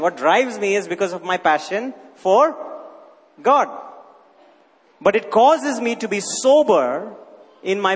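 A man with a high voice preaches in a large hall, and his words ring out with a long echo. He teaches emphatically, asking rhetorical questions and repeating his key points. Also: fairly bright tone, slightly rough. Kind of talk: sermon.

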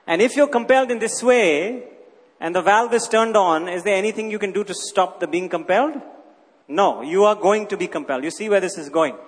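High-voiced preacher in a reverberant hall. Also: male voice, fairly quick, husky. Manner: emphatic teaching, rhetorical questions, repeats key phrases. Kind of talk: sermon. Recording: long reverb of a large hall.

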